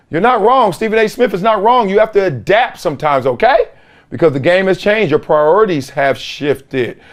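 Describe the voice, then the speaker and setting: The host of this sports talk show, a middle-aged man who used to play in the NFL, delivers an emphatic storytelling monologue. He voices the characters in his stories himself, and his voice sits high.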